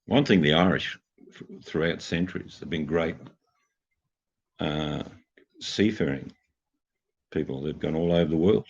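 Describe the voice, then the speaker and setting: An Australian man in casual chat who rambles through joking, deadpan tall tales. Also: rumbling low, a little slow, gravelly, long pauses, highs cut off, a little hiss or hum. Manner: joking, meandering, deadpan storytelling.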